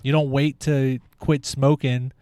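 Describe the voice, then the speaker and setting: A man's voice: mid-range voice, little pitch movement, unhurried, mellow, clear, resonant tone, dry recording, clean studio sound. A young man hosting a podcast, talking in a blunt, opinionated monologue and swearing freely. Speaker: podcast host. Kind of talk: casual monologue.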